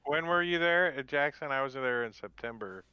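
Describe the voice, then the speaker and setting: A man's voice: medium pitch, expressive, moderate pace, smooth, no echo. Laid-back joking man, lo-fi audio. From United States. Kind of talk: casual livestream chat.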